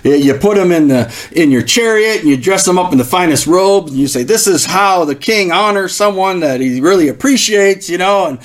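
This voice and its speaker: A man voicing a scheming, boastful ancient royal adviser in an animated storyteller's retelling. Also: high-pitched, brisk, hardly any pauses, voice pushed up. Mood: eager, boastful.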